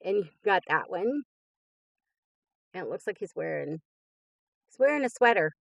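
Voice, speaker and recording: A woman's voice: on the low side, big pitch swings, normal speed, vocal fry, dry recording. A woman in her fifties hosting a crafting channel, gushing with enthusiasm as she opens happy mail in casual chat. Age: 50s. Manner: gushing and enthusiastic, frequent laughs.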